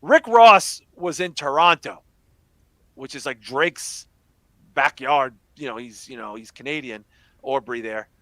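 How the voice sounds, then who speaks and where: A man co-hosting a live-stream podcast, chatting casually in an excitable, profane way. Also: mid-range voice, unhurried, dry recording. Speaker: podcast co-host.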